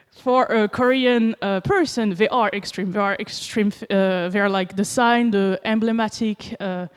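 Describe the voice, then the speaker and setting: A woman from France with a French accent, giving a conference talk, animated and acting out quoted reactions with many fillers. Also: mid-range voice, measured pace, hardly any pauses, clear, resonant tone, long reverb tail. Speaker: conference speaker. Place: conference hall.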